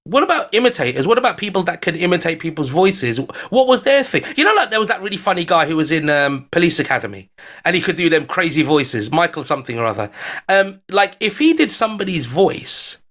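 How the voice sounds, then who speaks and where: A man's voice: a little high, sing-song, brisk, a bit bright. A man with an English accent, a guest on a talk show, chatting in a rambling, playful way. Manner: rambling, playful, full of asides. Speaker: foreign correspondent guest. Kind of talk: casual conversation.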